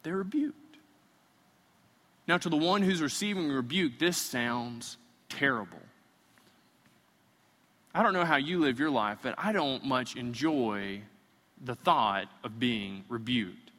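A man's voice: mid-range voice, lively intonation, a little slow, a bit bright, long reverb tail. A man preaching a sermon in a conversational way, sometimes acting out imagined voices. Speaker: pastor.

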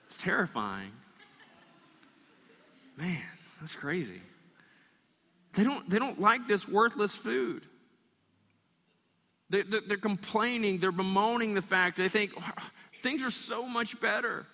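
A man preaching a sermon, animated and storytelling, acting out the voices of the people in the story. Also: sits high, slow pace, pauses often, in a large hall. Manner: animated, acts out voices of complaining people and kids. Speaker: pastor.

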